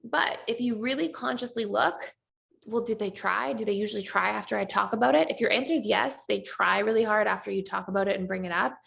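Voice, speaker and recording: A woman's voice: mid-range voice, a little fast, gravelly, a bit bright. A woman teaching a relationship class as a coach, talking conversationally and acting out short quotes. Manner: conversational, with many fillers and acted-out quotes.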